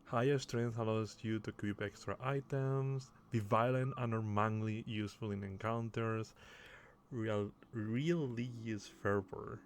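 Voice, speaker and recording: A man's voice: lowish voice, fairly even intonation, measured pace, a little hiss or hum. A man giving casual commentary while playing a game, reading the on-screen text aloud and chuckling often. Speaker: gamer playing on video.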